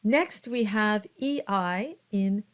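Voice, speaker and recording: Woman, choir diction teacher, unhurried pace, careful vowel demonstrations, mid-pitched voice. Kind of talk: instructional explanation with sung-like example words.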